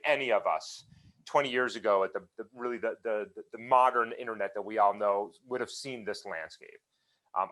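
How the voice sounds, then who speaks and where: Animated man speaking off the cuff. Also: on the low side. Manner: animated, emphatic, many fillers and restarts. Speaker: guest speaker. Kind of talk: conversational Q&A talk.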